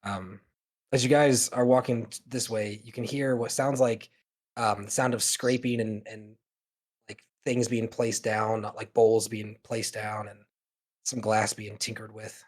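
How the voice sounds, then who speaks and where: A man narrating as game master of a tabletop game, relaxed and meandering with many fillers. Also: on the low side, a little slow.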